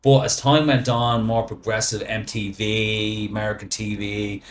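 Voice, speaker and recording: A middle-aged Irish man, a podcast guest, talking in a rambling, animated way, often checking in with "right?" and "you know". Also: lowish voice, normal speed, a little hiss or hum. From Ireland. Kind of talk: casual podcast chat.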